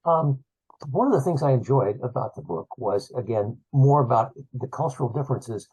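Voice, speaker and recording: A man hosting a book show, asking measured, thoughtful interview questions. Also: medium pitch, expressive, darkish tone, husky, rough recording.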